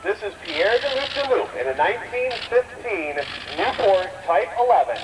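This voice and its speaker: A man announcing a live air show, excitable and showman-like, rallying the crowd, heard over an outdoor loudspeaker. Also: high voice, normal speed. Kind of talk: live event commentary. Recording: distant echoey outdoor PA with noise.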